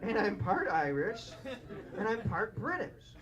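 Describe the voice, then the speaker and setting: A man's voice: sits high, big pitch swings, measured pace, lo-fi sound, heavy background noise. A man doing a stand-up set on a club stage, with an awkward, rambling, confessional delivery. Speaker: stand-up comedian. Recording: live club recording with crowd. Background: audience laughter.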